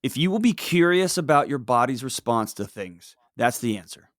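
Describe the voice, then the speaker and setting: A middle-aged man, a guest on a podcast, talking in a lively, casual way that swings from loud to quiet. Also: normal speed, no echo, clean studio sound. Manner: animated, big swings in pitch and loudness, acts out voices. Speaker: podcast guest, mental health author. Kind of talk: casual conversational interview.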